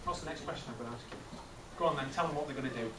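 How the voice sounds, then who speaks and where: Male teacher, middle-aged, lively and questioning; distant mic, roomy echo. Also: mid-range voice, rapid-fire. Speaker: teacher leading a maths master class. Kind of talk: classroom teaching with questions to pupils. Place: classroom. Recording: echoey classroom from far off, noisy.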